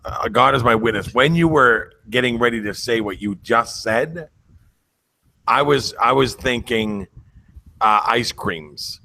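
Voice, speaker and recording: A man's voice: mid-range voice, a little slow, vocal fry, sharp tone, low-quality recording. A man hosting a casual online talk, jokey and emphatic, asking his guests questions. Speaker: host.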